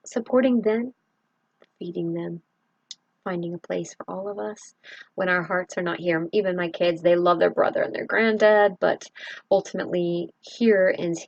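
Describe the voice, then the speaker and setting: A middle-aged woman from Southeast Texas talking in a halting, earnest confessional vlog, with many pauses and fillers. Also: lowish voice, gravelly, no room sound, dull audio. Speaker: vlogger.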